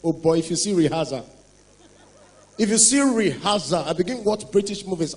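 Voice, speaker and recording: High-voiced Nigerian stand-up comic. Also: male voice, animated, moderate pace, low-quality recording. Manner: punchy storytelling mixing Pidgin and English. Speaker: stand-up comedian. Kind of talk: stand-up comedy routine.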